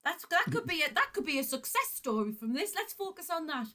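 A woman co-hosting a casual podcast chat, teasing and quick to laugh. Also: sits high, very animated, sharp tone. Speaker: podcast co-host.

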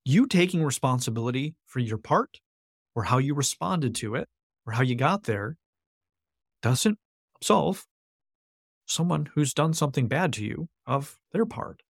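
An earnest man talks through his ideas as a podcast guest, circling back to his key phrases to drive them home. His voice sits at an ordinary middle pitch, and the recording is close and dry with no room sound. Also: expressive, a little slow, gravelly, pauses often, breathy edge, no echo. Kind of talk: conversational interview.

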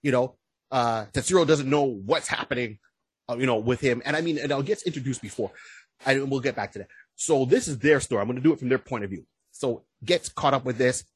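A man co-hosting a podcast in casual chat, talking excitedly, with stammering restarts and whoops. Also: medium pitch, a little fast, breathy edge, no room sound. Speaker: podcast co-host.

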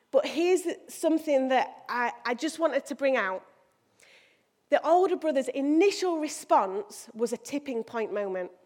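A woman delivers a sermon. She talks to the congregation in a lively, animated way, jumping up in pitch to act out the people she quotes. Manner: animated, acts out quoted voices with big pitch jumps. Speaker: preacher.

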